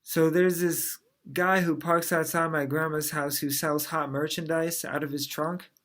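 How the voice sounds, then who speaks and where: A man's voice: a little high, level tone, a little slow, fairly bright tone. A man in his thirties from New Orleans, telling stand-up jokes in a dry, conversational way. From New Orleans, USA. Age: 30s. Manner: dry, conversational joke delivery. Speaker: comedian. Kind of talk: stand-up set.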